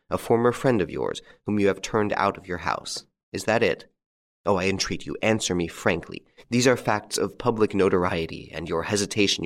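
A man playing a calm, masterful gentleman rescuer, courteous and commanding. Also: deep voice. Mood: probing.

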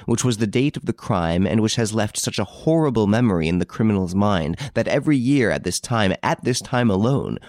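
Man reading a gentleman sleuth, firm and insistent, raised voice, lively range, dry close sound. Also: lowish voice, no room sound. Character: cool, assured gentleman detective, man.

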